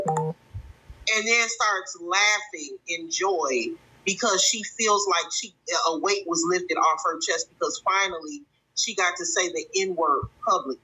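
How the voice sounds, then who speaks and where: A woman's voice: on the low side, slow, sharp tone, breathy edge, low-quality recording. A woman hosting a livestream commentary show, reading chat and reacting with indignation, often restarting her sentences.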